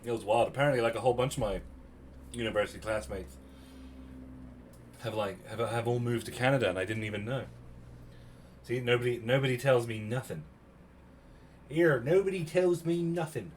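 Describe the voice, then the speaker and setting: British male streamer in his thirties, mid-pitched, chatty storyteller, animated delivery, slight hiss underneath. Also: brisk, pauses often. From Cornwall, England. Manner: chatty, animated retelling with quoted voices. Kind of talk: casual storytelling to chat.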